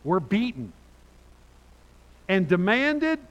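A man's voice: high-pitched, moderate pace, pauses often. Older preacher man in a reverberant church. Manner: animated preaching, loud rises, reads scripture aloud. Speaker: pastor. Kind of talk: sermon. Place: church sanctuary. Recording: church hall with long reverb.

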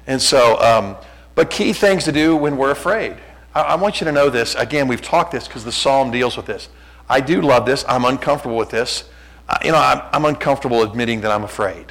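A man's voice: medium pitch, a little fast, fairly bright tone, low-quality recording. A middle-aged man preaching a sermon as a pastor, conversational and self-deprecating, often restarting his sentences.

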